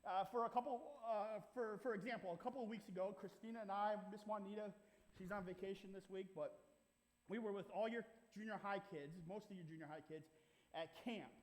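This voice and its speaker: A man's voice: sits high, a little fast. A man preaching a sermon as pastor, playful and conversational, putting questions to the congregation in a church sanctuary. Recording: live hall reverb.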